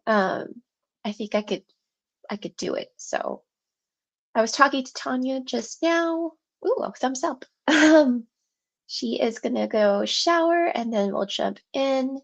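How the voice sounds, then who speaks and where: A woman's voice: high-pitched, expressive, takes it slowly, vocal fry, muffled recording. A congested, out-of-breath woman with a sore throat, hosting a writing livestream at home, chatting with viewers in a rambling way and laughing often. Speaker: livestream host for a writing session. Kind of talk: casual livestream chat with viewers.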